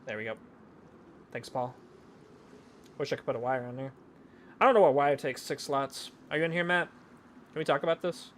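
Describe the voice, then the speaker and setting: A man's voice: medium pitch, slight background noise. A young man streaming a game, jokey, rambling and self-mocking.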